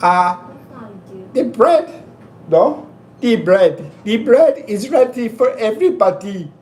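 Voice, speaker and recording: A doting elderly nanny lady with an Indian accent, put on by a man. The falsetto is squeaky and sing-song, climbing far above a man's own pitch. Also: lively intonation, slow pace, a little mellow. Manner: very high, sing-song falsetto, repeating itself.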